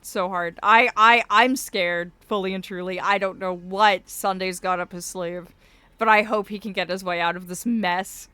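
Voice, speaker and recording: A woman's voice: medium pitch, steady tone, moderate pace, pushed and bright, smooth, no echo. A woman chatting casually with her livestream viewers, doting and theatrical, calling them darling.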